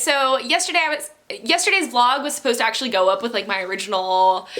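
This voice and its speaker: A young woman talking to her vlog audience in a loose, chatty way, full of fillers and little laughs. Her voice sits a bit high and sounds bright. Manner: chatty, giggly, lots of fillers. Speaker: book vlogger. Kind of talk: casual vlog chat.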